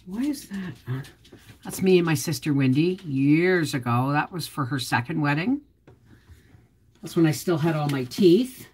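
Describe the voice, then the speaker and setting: Lively, low-voiced woman vlogger rambling. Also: unhurried, husky. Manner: rambling, talks to herself while digging through old photos; bursts into high, loud exclamations. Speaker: homestead vlogger. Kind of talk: casual chat to viewers.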